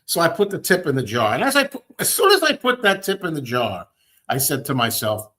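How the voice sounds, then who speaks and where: Ranting male host, lively storyteller. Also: a little high, a little fast. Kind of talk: casual chat.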